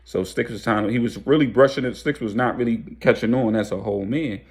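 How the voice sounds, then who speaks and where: A man's voice: mid-range voice, fast talker, few pauses, darkish tone. Slangy man telling a story. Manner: slangy, loose, rambling. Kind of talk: casual storytime narration.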